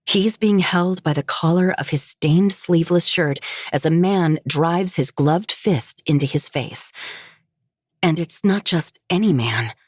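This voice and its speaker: Low-voiced woman narrating a story. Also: unhurried, breathy edge, no room sound, studio quality. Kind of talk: first-person story narration.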